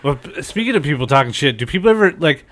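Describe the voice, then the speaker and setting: A man's voice: fairly high pitch, expressive, fast, a bit bright, no room sound. A young adult man with a nasal, stuffed-up voice, hosting a podcast in casual chat, rambling and swearing with many fillers. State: stuffed-up nose from a head cold. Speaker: podcast host.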